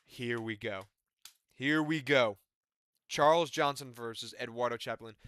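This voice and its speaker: A man's voice: medium pitch, a little slow, fairly bright tone, clear, resonant tone. A man giving a rambling, profane, exasperated casual recap of a fight card. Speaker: MMA commentary YouTuber.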